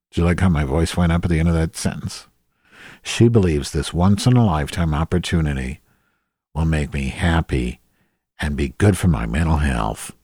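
A man reading a listener's letter aloud and mocking it with deadpan asides. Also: deep voice, slightly rough, no room sound. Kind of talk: sarcastic commentary.

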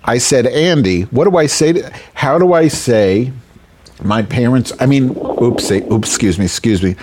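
A man's voice: mid-range voice, moderate pace, background noise. A man hosting a show, telling a raunchy comic story in a rambling, self-interrupting way. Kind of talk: crude comedic storytelling.

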